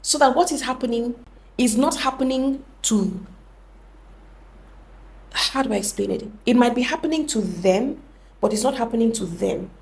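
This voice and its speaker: A woman's voice: fairly high pitch, animated, normal speed, gravelly, pauses often, darkish tone. A young woman hosting a podcast, explaining things earnestly and often correcting herself mid-sentence. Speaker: podcast host. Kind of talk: reflective podcast talk.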